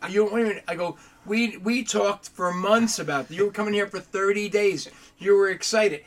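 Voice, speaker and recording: A man who owns a body shop, chatting casually on a podcast and acting out his own stories with lively quoted dialogue. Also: high voice, normal speed, gravelly, a little hiss or hum. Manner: animated storyteller, acts out dialogue.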